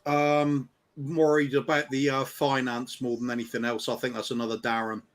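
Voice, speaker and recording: A man's voice: medium pitch, little pitch movement, moderate pace, soft background music. Man, podcast guest, casual chat, hesitant, thinks aloud.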